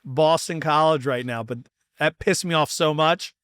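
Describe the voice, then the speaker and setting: A man hosting a podcast in casual chat, talking bluntly with lots of swearing and quick bursts of speech. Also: a little high, fairly bright tone, smooth, dry recording, clean studio sound. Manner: blunt and profane, fast bursts. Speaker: podcast host.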